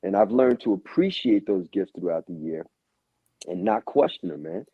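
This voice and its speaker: A man's voice: sits low, expressive, normal speed, breathy edge, dry recording. A man guest on a podcast interview, telling stories in a laid-back, casual way, swearing and acting out what people said. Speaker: guest musician. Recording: dull lo-fi audio.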